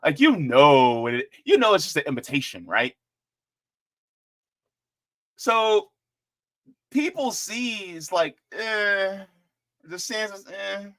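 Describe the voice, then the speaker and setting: A man hosting casual political commentary in an animated, joking way, with chatty asides. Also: a little high, slow pace, pauses often.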